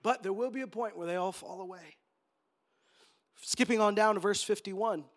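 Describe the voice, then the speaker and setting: A man preaching a sermon in an animated way, acting out the quotes with joking asides. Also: sits high, moderate pace. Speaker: pastor.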